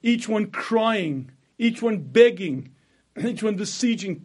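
A man giving a sermon who tells the story dramatically, acting out impassioned quoted speech, and often clears his throat. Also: high voice, lively intonation, slow, darkish tone. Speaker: rabbi giving a Torah lecture.

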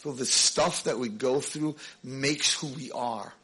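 A man's voice: medium pitch, slow pace, bright, forceful tone, breathy edge. A man, a rabbi and educator, giving an emphatic storytelling lecture to a convention audience. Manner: emphatic storytelling, acts out dialogue.

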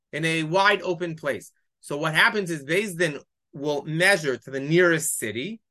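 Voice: medium pitch, pushed and bright. A teacher giving a weekly Bible study lesson, reading Hebrew verses aloud and explaining them with rhetorical questions.

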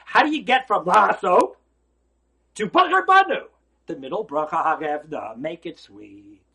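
A man teaching a holiday Torah lecture as a rabbi. He is emphatic and preacherly, asks rhetorical questions, and swings between loud exclamations and quiet asides. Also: a little high, husky.

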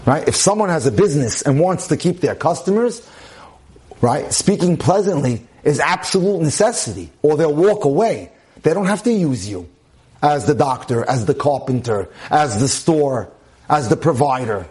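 A man's voice: a little high, expressive, moderate pace, darkish tone. A man teaching as a rabbi, speaking emphatically, repeating phrases for stress and dropping in Hebrew terms. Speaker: rabbi giving a Torah class. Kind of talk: relationship lecture.

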